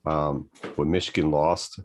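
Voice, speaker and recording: A man's voice: a bass voice, little pitch movement, a little slow, darkish tone, slight background noise. A middle-aged man, a podcast co-host, rambling in casual chat. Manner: rambling, meandering explanations.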